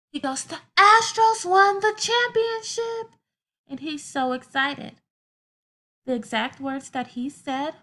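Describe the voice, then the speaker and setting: A woman's voice: sits high, a bit bright. A woman teaching a grammar lesson to children, explaining patiently step by step with everyday examples.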